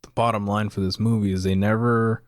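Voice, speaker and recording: A man's voice: on the low side, level tone, a little fast, no echo. Man breaking down a film, dry sound. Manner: analytical, leads the topics. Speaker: podcast co-host. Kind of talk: casual film discussion.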